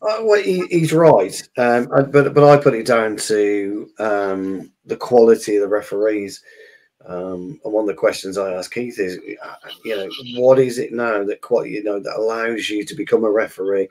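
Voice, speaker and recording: Co-host, male, lowish voice, thoughtful and halting. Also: steady tone, darkish tone. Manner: thoughtful, hesitant with many fillers. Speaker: podcast co-host. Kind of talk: casual football podcast chat.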